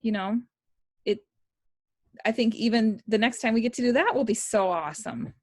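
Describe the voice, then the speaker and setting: A woman's voice: on the high side, normal speed, a little mellow, dry recording, clean studio sound. A woman hosting a casual chat, upbeat and encouraging. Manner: upbeat, encouraging, enthusiastic affirmations. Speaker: host health coach. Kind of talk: casual video call chat.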